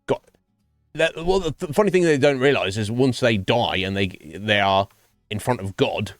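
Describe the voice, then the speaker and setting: Animated rambling male streamer. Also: medium pitch, moderate pace, no room sound, studio quality, soft background music. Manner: rambling, animated, swears freely. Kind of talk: casual chat with stream viewers. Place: home streaming setup.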